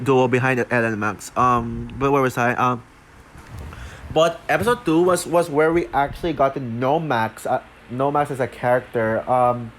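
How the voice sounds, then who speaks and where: A man talking through a show review off the cuff, halting with many fillers and restarts, short of breath. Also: medium pitch, a bit bright, slight background noise. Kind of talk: unscripted review talk.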